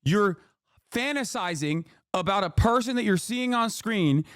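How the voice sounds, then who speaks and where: A man's voice: high voice, animated, a little slow, a bit bright, clear, resonant tone, dry recording, clean studio sound. A male streamer in a profane, exasperated livestream reaction rant.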